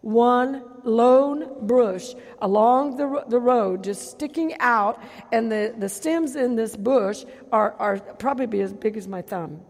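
Gravelly woman preaching in an echoing hall. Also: on the high side, slow, few pauses. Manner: animated storytelling, acts out voices and gasps. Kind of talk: testimony sermon. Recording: long hall reverb.

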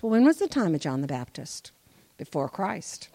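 A woman giving an informal church testimony, chatty and animated, moving between quiet asides and loud emphatic preaching. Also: on the low side, moderate pace, creaky. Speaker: speaker sharing a testimony.

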